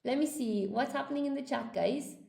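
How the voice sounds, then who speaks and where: A woman's voice: high-pitched, a little fast, vocal fry, mellow, reverberant. A woman teaching English on a live stream, chatting with viewers and cheering them on in an upbeat way. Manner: upbeat, encouraging, reads chat aloud.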